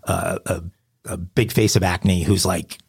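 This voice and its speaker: A man's voice: deep voice, fairly even intonation, measured pace, vocal fry, darkish tone, slightly rough. A man, co-hosting a podcast and telling a rambling, self-amused story in casual chat. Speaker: podcast co-host.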